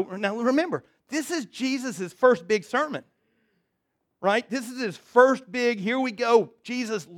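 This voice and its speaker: Male pastor, fairly high voice, delivering a casual, folksy sermon full of asides and self-corrections. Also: a bit bright. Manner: conversational and folksy, with frequent restarts and asides. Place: church sanctuary.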